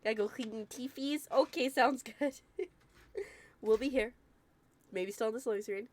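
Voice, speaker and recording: A woman's voice: on the high side, unhurried. A young woman with the hiccups, chatting casually and laughing often while streaming a video game. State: has the hiccups. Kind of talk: casual gameplay chat.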